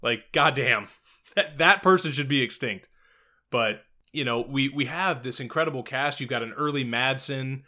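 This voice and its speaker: A man co-hosting a casual podcast about a movie, animated and profane, laughing often. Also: medium pitch, moderate pace. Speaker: podcast co-host. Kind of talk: casual film discussion.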